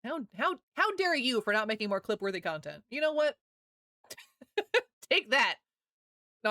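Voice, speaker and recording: A woman's voice: medium pitch, sharp tone, no echo, clean studio sound. Giggly chatty woman streamer. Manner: giggly, laughs often, quick and chatty. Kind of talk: casual chat with viewers.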